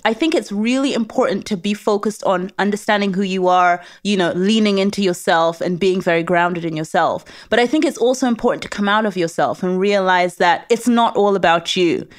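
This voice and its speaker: A woman with a British accent, a guest in an interview, speaking in a confident, emphatic, motivational way. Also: medium pitch. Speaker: guest, space lawyer. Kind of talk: interview conversation.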